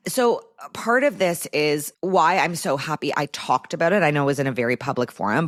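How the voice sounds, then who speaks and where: A woman with a low, deep-set voice hosts her own podcast in a loose, conversational way. She talks candidly straight into the microphone and peppers her sentences with "like". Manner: chatty and candid, heavy use of "like". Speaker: podcast host. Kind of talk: casual solo podcast chat.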